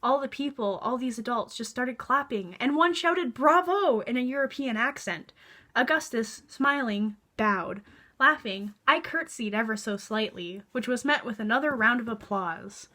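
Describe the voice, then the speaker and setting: A young woman in her early twenties talks through a book in a casual vlog review. Her voice is bright and a little high. She is sarcastic, exasperated and chatty, with lots of filler words and the odd curse. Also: normal speed. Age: young adult.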